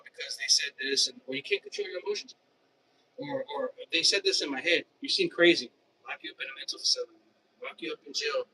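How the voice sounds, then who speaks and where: A man with a bright, fairly high voice talks in a loose, rambling monologue. He repeats words and restarts phrases a lot and keeps throwing in "dude". He sits a little away from the mic, with faint noise behind him. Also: far from the mic, low-quality recording.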